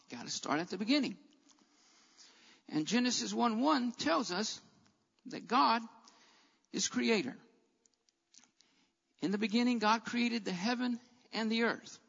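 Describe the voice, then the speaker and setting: A man preaching a sermon as a Bible teacher, with an emphatic, repetitive cadence that rises to shouts. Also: high-pitched, gravelly, breathy edge, long reverb tail, muffled recording.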